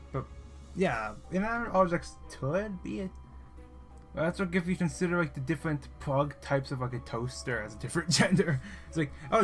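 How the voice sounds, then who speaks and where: A man giving casual, jokey gameplay commentary that wanders off on tangents, and at times reading a scripture passage aloud. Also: medium pitch. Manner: rambling, jokey, self-interrupting.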